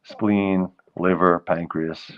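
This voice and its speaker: A man hosting a live stream, singing old standards slowly and chatting in a quick, joking way between songs. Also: low voice, steady tone, highs cut off. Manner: croons show tunes slowly, then chats fast and jokey. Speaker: host of a live music stream.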